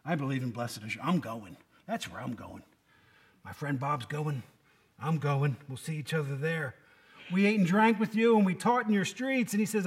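A man preaching a conversational sermon, folksy and quizzing his listeners by name. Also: on the high side. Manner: folksy, asks the congregation questions by name.

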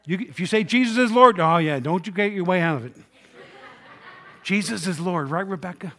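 A man preaching a sermon in a church, his voice a little higher than most men's. He talks to the congregation like friends, firing off rhetorical questions and dropping from loud calls to near hushes. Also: normal speed. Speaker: pastor. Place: church sanctuary.

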